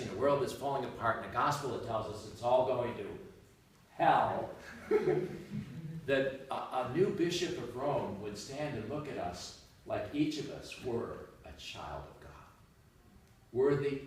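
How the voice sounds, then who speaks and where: A man's voice: fairly low pitch, a little hiss or hum. A man, a Catholic priest, giving an informal, joking homily to a congregation. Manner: conversational, joking, with rising emphatic asides. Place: church hall with a gathered congregation. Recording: echoey room, far from the mic.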